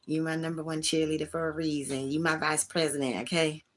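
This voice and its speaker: Low-voiced woman venting on a livestream. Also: level tone, brisk. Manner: candid, venting, talks straight to chat. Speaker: livestream host. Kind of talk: casual livestream chat. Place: indoors at home, small room.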